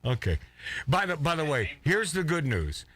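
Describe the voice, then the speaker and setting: A man's voice: on the high side, sing-song, normal speed, fairly bright tone. A man hosting a casual radio talk show, rambling and emphatic, often repeating his words. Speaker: host.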